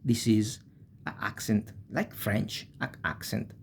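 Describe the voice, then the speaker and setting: A man teaching a video language lesson. He pronounces example words slowly and often checks in with the listener with short "eh?" or "okay?" tags. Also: fairly low pitch, animated, a little hiss or hum. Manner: says Italian example words slowly and deliberately.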